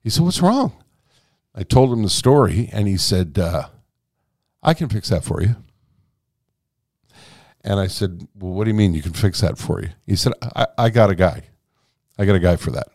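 Speaking at normal speed with long pauses, a man with a low-pitched voice works through a lengthy anecdote in a casual way. He's animated, performing the characters' dialogue, cursing and laughing along.

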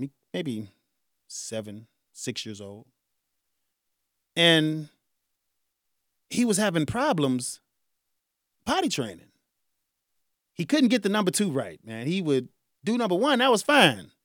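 A man in his forties hosting a radio talk show, speaking in a casual, animated way with frequent chuckles. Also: fairly high pitch, no echo, clean studio sound. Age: 40s. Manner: animated, conversational, chuckles often. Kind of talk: solo talk radio monologue.

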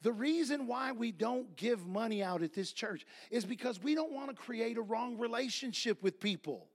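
A male pastor preaching a sermon, reading scripture and telling stories, building to loud shouts. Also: very high-pitched, lively intonation, moderate pace.

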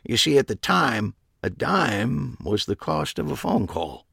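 Male narrator voicing a grumpy older widower, deadpan, gravelly, dry close sound. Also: on the low side, measured pace, no echo, pitched above the performer's own voice, heavily acted. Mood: reminiscing. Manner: flat, deadpan. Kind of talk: audiobook character voice.

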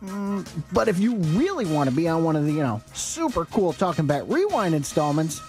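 Lively, playful woman radio announcer. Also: low-pitched, brisk, soft background music. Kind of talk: show segment hosting.

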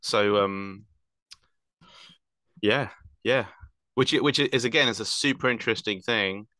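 A man's voice: on the low side, unhurried, bright, forceful tone, dry recording. A man explaining wildlife at length in casual chat, rambling with fillers and self-corrections.

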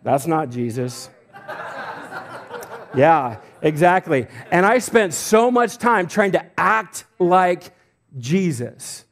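Casting note: middle-aged male pastor from Idaho, slightly high voice, loose conversational preaching full of restarts and little jokes. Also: very animated, slow, creaky. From Idaho, United States. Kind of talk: sermon.

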